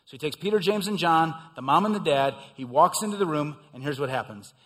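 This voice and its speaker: A middle-aged man preaching a sermon, swelling into emphatic passages and then dropping quiet and low. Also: lively intonation, a little fast, long reverb tail. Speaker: pastor.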